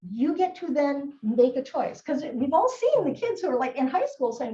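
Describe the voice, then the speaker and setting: A woman giving a live training presentation on child behavior, acting out what kids and adults say in a lively, animated way. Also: high-pitched, normal speed, hardly any pauses. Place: presentation room. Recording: echoey room, distant mic, dull sound.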